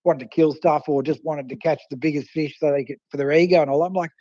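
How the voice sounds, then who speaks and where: An Australian man, a fishing writer and photographer, telling animated stories over a phone line and acting out the people he quotes. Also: a little high, fast talker, no room sound. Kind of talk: casual storytelling over the phone.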